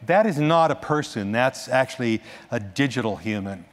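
A man speaks from a conference stage, his delivery animated and full of restarts and quick asides. His voice sits in a middle pitch. The sound carries the long reverb of a large hall. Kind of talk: conference talk.

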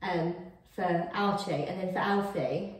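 A woman's voice: on the low side, fairly even intonation, unhurried. A woman, chatting casually and giggling as she rambles through a Q&A with her partner. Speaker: YouTube host. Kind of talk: casual couple chat. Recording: echoey room from a distance.

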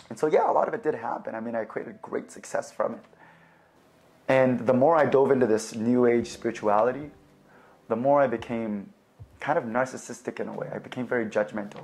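A young man telling his faith testimony in a relaxed, conversational way, with fillers and replayed conversations. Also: medium pitch. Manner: animated, acts out both sides of remembered conversations. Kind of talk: personal storytelling.

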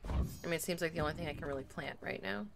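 A woman's voice: low-pitched, quick pace, creaky, noisy background. A young woman streaming a video game, chatty and giggly as she reacts to her chat. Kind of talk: live gameplay commentary.

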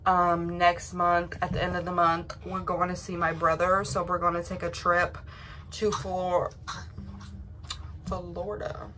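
Rambling young woman vlogging, slightly low. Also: flat delivery, measured pace, very noisy. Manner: rambling, emotional, many fillers and restarts. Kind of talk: casual vlog chat.

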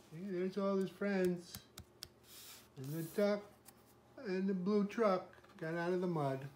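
An older man, a grandfather, reads a picture book aloud gently and pauses to point out the pictures. His voice sits high.

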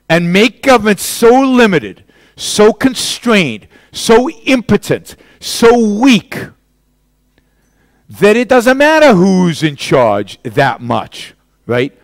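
A man's voice: high voice, sing-song, slow, no echo. A man giving a public lecture and answering questions, arguing emphatically with rhetorical questions. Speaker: guest lecturer.

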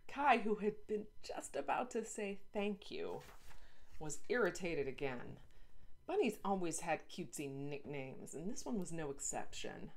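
A woman author reading her children's novel aloud in an expressive, playful narrating voice. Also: fairly low pitch, measured pace. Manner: lively, playful asides.

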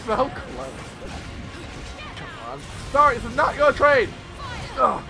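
A young man giving casual, excitable commentary while playing a video game, swearing and repeating lines from the game. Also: very high-pitched, slow, over music. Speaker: gameplay video host. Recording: loud game soundtrack behind.

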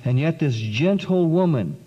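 A man giving an earnest, dramatic spoken testimony to an audience, with long pauses and sudden swings in pitch. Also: lively intonation, mellow, breathy edge. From South Carolina. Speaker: speaker giving a testimony talk. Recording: dull lo-fi 1990s recording in a long-echo hall.

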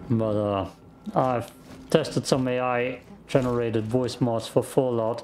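Brief: male gaming YouTuber, mid pitch, unhurried musing commentary, light noise behind. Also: mellow. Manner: laid-back, musing. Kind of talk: let's play commentary. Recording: faint background noise.

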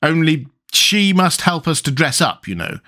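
A man's voice: fairly high pitch, very animated, measured pace, a bit bright, pitched above the performer's own voice, exaggerated voice. A man voicing sulky Tweedledee. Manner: sulky and contrary. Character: sulky, contrary little man.

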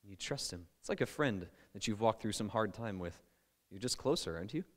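Lively conversational male pastor preaching. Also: lowish voice, a little fast, long reverb tail. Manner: conversational and animated, with playful asides. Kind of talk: sermon.

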